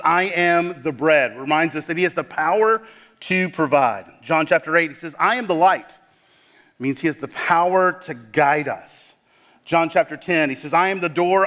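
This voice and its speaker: A man preaching in a church sanctuary, his slightly high voice carrying a long reverb tail. He delivers the sermon with dramatic weight, hammering key words and then falling quiet on the gravest ones. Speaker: pastor.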